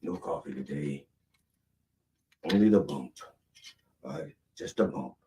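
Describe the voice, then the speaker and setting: A man from northern Maryland with a Maryland accent, hosting a mock sermon and swinging between booming prayers and mumbled asides. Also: expressive, a little slow, mellow, far from the mic, slight background noise. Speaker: comedic preacher host.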